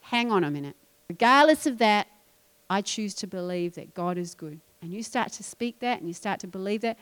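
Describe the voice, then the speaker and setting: A woman pastor preaching a sermon, emphatic and animated, dropping into quiet asides. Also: medium pitch, normal speed, smooth.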